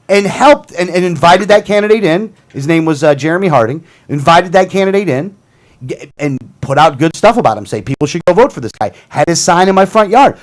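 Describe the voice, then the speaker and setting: A man hosting a talk show vents in a heated, combative rant, circling back to his points again and again. His voice sits somewhat high for a man and swings widely up and down as he argues. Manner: heated, combative, repeats himself. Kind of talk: casual political rant.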